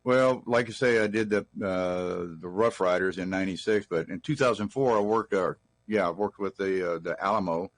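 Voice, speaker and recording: A man's voice: low-pitched, normal speed, hardly any pauses, dry recording. A middle-aged man from Texas, telling rambling, folksy stories as an interview guest. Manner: rambling, folksy anecdotes with restarts. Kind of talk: casual storytelling in an interview.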